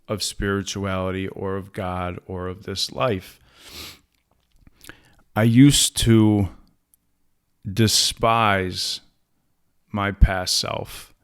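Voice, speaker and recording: A man's voice: on the low side, smooth. A young adult man speaking candidly on a podcast, telling stories bluntly and with profanity. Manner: blunt, profane, storytelling with quoted dialogue. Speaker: podcast host. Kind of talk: candid podcast talk on recovery. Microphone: studio podcast mic.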